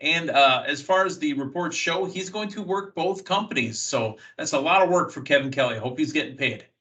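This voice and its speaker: A man from the United States hosting a wrestling news podcast, chatty and filling pauses with uh and you know. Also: fairly high pitch, bright, forceful tone, poor audio. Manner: chatty, thinks aloud with many fillers. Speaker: podcast host. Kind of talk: casual wrestling news talk.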